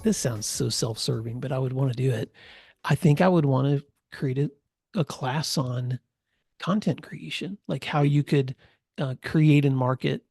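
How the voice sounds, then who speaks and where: Gravelly, husky man on a podcast. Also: medium pitch, moderate pace, dry recording, clean studio sound. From West Tennessee. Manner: storytelling, relaxed with fillers. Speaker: podcast co-host. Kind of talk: casual podcast conversation.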